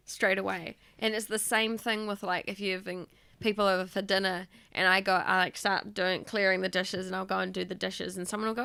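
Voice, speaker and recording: A woman's voice: mid-range voice, little pitch movement, fairly quick, vocal fry, sharp tone, smooth, no echo. Woman, New Zealand accent, thirties, chatty podcast co-host, dry close mic. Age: 30s. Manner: chatty, acts out quoted voices. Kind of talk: casual chat.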